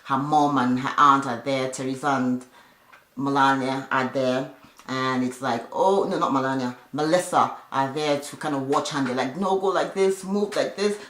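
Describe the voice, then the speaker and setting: A woman's voice: rumbling low, steady tone, normal speed, a bit bright. A woman giving a casual, chatty recap of a reality show, with opinionated asides along the way. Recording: echoey room.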